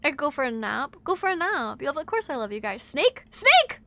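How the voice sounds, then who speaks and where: A young woman from Wisconsin chatting on a live gaming stream, sick and sleepy, scattered and chatty with sudden loud outbursts. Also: sits high, animated, fast, gravelly, heavy background noise. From Wisconsin, USA. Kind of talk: casual live-stream chat while gaming.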